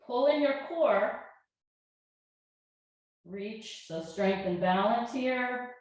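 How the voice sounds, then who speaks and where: A woman yoga teacher calmly talking a class through breaths and poses, with gentle step-by-step cues. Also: a little high, drawn-out words. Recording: very echoey room.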